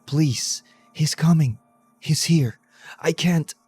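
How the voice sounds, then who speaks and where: A man's voice: medium pitch, very animated, normal speed, husky, pitched above the performer's own voice. A man voicing a terrified young woman pleading for help on an emergency call, her voice shaky and desperate. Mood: frantic terror.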